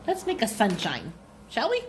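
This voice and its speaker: A woman's voice: on the high side, huge pitch swings, moderate pace, a little hiss or hum. A woman, a librarian leading a cheerful craft demo at her kitchen table, talking to viewers in a sing-song way.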